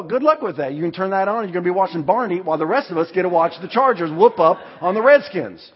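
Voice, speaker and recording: Emphatic pastor in a reverberant hall. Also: male voice, on the high side, slightly rough. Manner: emphatic, with sudden loud shouted lines. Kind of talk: sermon. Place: large church hall. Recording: dull audio with long hall reverb.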